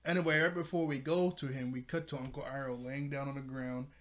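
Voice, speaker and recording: A man's voice: mid-range voice, flat delivery, fairly quick, fairly bright tone. A man recapping a cartoon episode in a rambling way, often correcting himself. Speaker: video reviewer.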